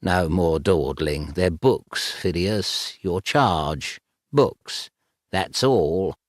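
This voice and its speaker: Guy playing a scared young man, shaky and stammering, a bit low and slow. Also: dry recording, studio quality, exaggerated voice. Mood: self-scolding. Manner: stammering, trembling.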